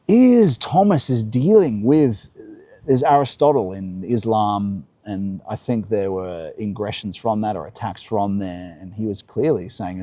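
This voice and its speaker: A man's voice: lowish voice, dark tone, no room sound. A man hosting a live-streamed talk while walking outdoors, musing and answering his own questions. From Australia. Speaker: host. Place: outdoors by the coast.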